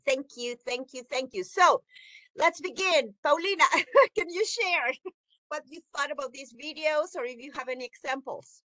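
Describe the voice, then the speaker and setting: A woman teacher lectures a class over a video call, acting out examples in a high voice and laughing often. The sound is close and dry, with no room around her. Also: normal speed, pushed and bright, dry recording, rough recording. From Mexico.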